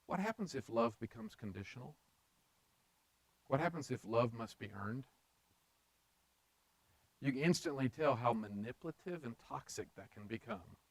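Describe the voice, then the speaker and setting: A man's voice: medium pitch, expressive, moderate pace, pauses often, rough recording. A man preaching a conversational sermon, mixing joking asides with acted-out paraphrases of scripture.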